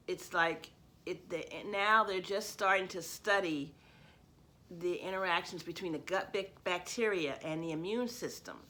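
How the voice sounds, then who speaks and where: A middle-aged woman giving an informal talk as an educator, chatty and relaxed, with fillers and small laughs. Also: on the low side. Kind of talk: casual spoken presentation.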